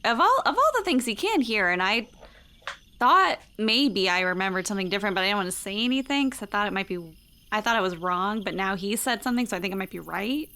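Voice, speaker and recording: A woman's voice: mid-range voice, lively intonation, fast talker, sharp tone. A woman playing in a tabletop game, rambling in a self-conscious, apologetic way. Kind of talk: casual chat.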